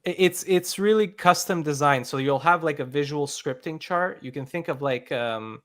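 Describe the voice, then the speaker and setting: Speaking at a moderate pace in a slightly high, fairly bright voice, a male game developer breaks down how his game works. It's a casual podcast conversation, and he leans heavily on fillers like "like" and "um" as he goes step by step.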